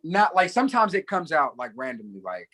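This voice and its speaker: Husky young man, lively and laughing. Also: on the high side, a little fast. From Huntington, West Virginia. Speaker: podcast co-host. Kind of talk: casual chat.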